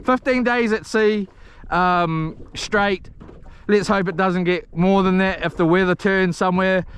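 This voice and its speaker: A man live streaming from a fishing boat outdoors, rambling and excitable, restarting his sentences and cursing mildly, recorded on an action camera. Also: sits high, unhurried, clear, resonant tone. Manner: excitable and scattered, with frequent restarts and mild cursing.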